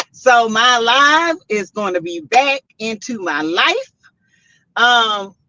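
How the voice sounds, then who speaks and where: A woman's voice: medium pitch, pushed and bright, no room sound. A middle-aged woman, hosting a casual livestream and chatting while greeting her viewers by name. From South Carolina. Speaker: livestream host. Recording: dull lo-fi livestream audio.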